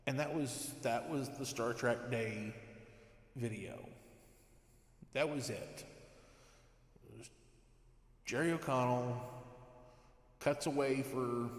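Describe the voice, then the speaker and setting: A man giving a rambling, sarcastic, exasperated rant to camera, with many restarts. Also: medium pitch. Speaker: toy collector vlogger. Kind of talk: ranting commentary. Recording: echoey room with long reverb.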